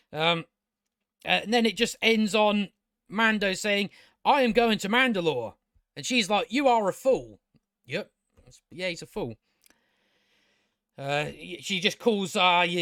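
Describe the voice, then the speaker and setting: High-voiced sarcastic man. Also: sharp tone, dry recording, studio quality. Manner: sarcastic, exasperated, rambling with restarts and swearing. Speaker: video reviewer. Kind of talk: casual spoken review.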